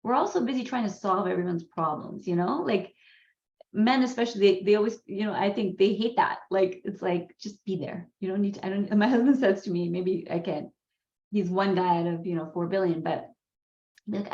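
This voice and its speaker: A woman whose first language is Gujarati, hosting a parenting course in a candid, animated storytelling way with frequent laughs. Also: medium pitch, moderate pace. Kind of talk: conversational course talk. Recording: roomy, slightly dull sound.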